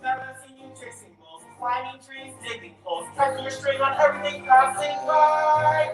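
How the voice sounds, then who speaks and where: A woman's voice: high voice, little pitch movement, moderate pace, lightly acted. A young woman playing a nervous, self-doubting young boy in a stage musical, talking and singing to himself, recorded from far off in a school auditorium. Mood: hopeful. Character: anxious, hopeful young boy, eternal underdog. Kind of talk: stage musical theater acting. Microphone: distant, recorded from the audience. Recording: echoey hall from far off with music.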